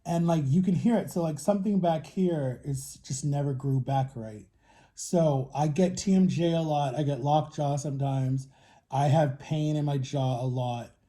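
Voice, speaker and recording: A man in his thirties talks straight to his viewers in a loose, rambling vlog, jumping from one story to the next. His voice sits a little high for a man and has a warm, mellow tone. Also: normal speed. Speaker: vlogger. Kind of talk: casual chat to camera while eating.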